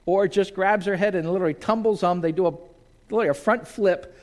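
A man's voice: high-pitched, fast. A male pastor preaching a sermon to a congregation in a church, telling stories and acting out scenes. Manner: storytelling, animated, acts out scenes.

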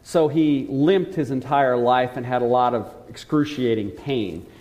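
A man preaching a sermon, telling a story earnestly and slowing down to stress key points. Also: mid-range voice, darkish tone. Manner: earnest storytelling, slows for emphasis. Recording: long hall reverb.

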